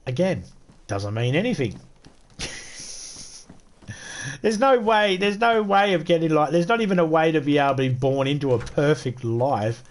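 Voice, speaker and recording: A man's voice: fairly high pitch, lively intonation, normal speed, pauses often. A middle-aged Australian man streaming a game, ranting bluntly and swearing in casual chat. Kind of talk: casual rant while streaming.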